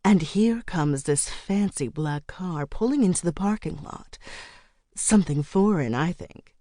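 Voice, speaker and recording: A woman voicing a flamboyant, elegant widow in her early seventies in an audiobook, with a theatrical, drawn-out delivery. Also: lowish voice, animated, mellow, no echo, clean studio sound. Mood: dramatic. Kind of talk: audiobook character reading.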